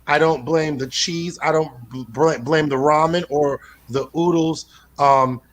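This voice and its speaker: A man doing a rambling, profane stand-up comedy set, full of restarts and deadpan absurd asides. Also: fairly high pitch, a little slow.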